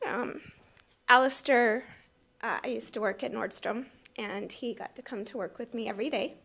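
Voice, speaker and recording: A woman who raised a guide dog, giving a tearful, halting speech at a graduation ceremony. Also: a little high, gravelly. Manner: tearful, soft, halting with many ums. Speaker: puppy raiser. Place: ceremony at a campus.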